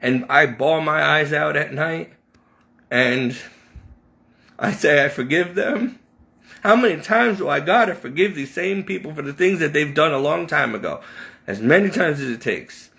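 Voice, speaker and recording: A man's voice: a little high, expressive, moderate pace, vocal fry, sharp tone. A middle-aged man from Connecticut venting about his past in an impassioned, rambling personal vlog, often restarting his sentences. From Connecticut, USA. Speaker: vlogger.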